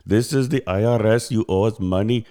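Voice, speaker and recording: A man's voice: on the low side, moderate pace, dark tone, lightly acted. A man mimicking a pushy male phone scammer with an Indian accent, making threats about unpaid taxes. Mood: threatening. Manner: insistent, threatening.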